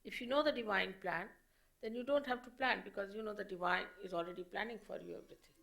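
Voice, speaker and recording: A woman giving a public spiritual lecture as a teacher, explaining slowly and in measured phrases with pauses. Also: medium pitch, gravelly, fairly bright tone.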